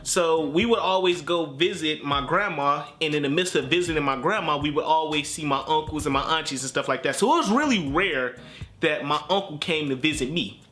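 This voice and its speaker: A young man hosting a storytime vlog, telling an animated story in slangy, self-mocking narration. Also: fairly high pitch, a little fast, faint music behind. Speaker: vlog host.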